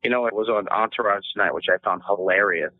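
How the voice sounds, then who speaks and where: A man's voice: on the low side, fast. A male comedian talking brashly and profanely in casual radio banter. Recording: tinny phone-like radio audio.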